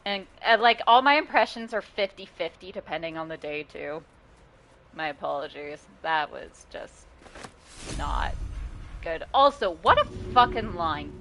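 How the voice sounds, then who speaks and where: A woman's voice: lowish voice, expressive, measured pace, bright, forceful tone, slight background noise. A woman game streamer chatting casually and rambling, laughing often and swearing freely. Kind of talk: casual live-stream chat.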